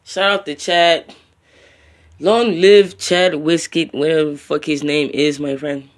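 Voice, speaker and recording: A man's voice: a little high, fairly even intonation, a little slow. A young man hosting a solo podcast in a loose, profane, rambling way, talking straight at his listeners and ending lines with slang tags like bro and my friend. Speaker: podcast host. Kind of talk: casual solo podcast rant.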